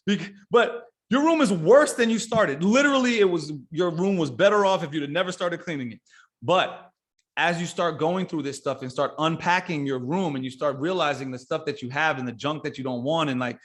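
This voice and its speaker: A man talking casually as a podcast guest, blunt and swearing freely, rambling with restarts and building into lively everyday examples. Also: a little high. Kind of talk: casual conversation.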